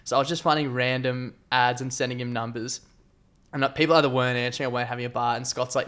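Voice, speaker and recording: A man's voice: medium pitch, quick pace. A young Australian man, a podcast guest, telling stories casually and acting out other people's voices. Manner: animated, playfully acts out voices. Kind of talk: casual storytelling.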